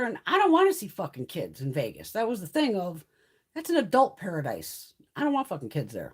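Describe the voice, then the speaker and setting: A woman's voice: medium pitch, wildly swooping pitch, fairly quick, breathy edge. A middle-aged woman from the US East Coast chatting casually on a livestream, telling stories in a blunt way and swearing constantly. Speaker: beauty livestream host.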